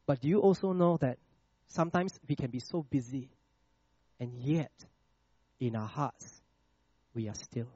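A man preaching a sermon with a personal testimony, checking in with the congregation with "all right?" and "okay?" and dropping to a hush on scripture lines. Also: medium pitch, animated, husky, dry recording, muffled recording. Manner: slows and drops to a hush on scripture phrases.

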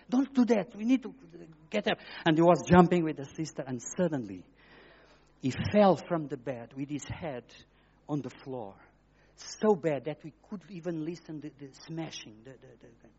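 A middle-aged man giving an emotional testimony sermon as a guest preacher, in simple, broken phrasing, swinging between hushed and loud. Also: sits high. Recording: dull lo-fi recording.

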